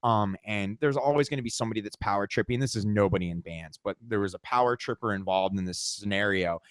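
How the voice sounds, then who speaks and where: A man's voice: on the low side, quick pace, no echo, clean studio sound. A man co-hosting a podcast, telling a tour story in casual chat, swearing a lot and acting out what people said. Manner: animated, swears a lot, acts out quotes. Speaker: podcast co-host.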